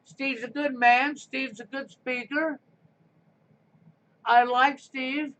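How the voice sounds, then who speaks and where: Sarcastic high-voiced man ranting on stream. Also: steady tone, slow pace, pushed and bright. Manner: combative, sarcastic, preachy. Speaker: live stream host. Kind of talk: ranting live stream monologue. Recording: muffled lo-fi stream audio with faint noise.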